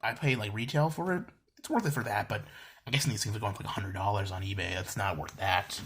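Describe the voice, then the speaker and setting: A man's voice: lowish voice, fast talker, a bit bright, breathy edge. A young man chatting casually at home, rambling with lots of fillers and wry asides. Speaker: vlogger showing his book collection. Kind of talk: casual chat. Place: home room with bookshelves.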